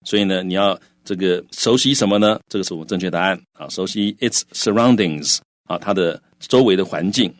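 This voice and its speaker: A man teaching English vocabulary in a bilingual lesson, patient and steady, with frequent filler sounds and slowed English terms. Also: low voice, no echo, studio quality. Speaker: English teacher explaining in Chinese.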